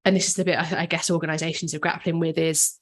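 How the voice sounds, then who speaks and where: A woman's voice: low-pitched, little pitch movement, fast talker. A woman co-hosting a podcast in casual discussion, hedging and thinking aloud with lots of "sort of.". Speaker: podcast co-host.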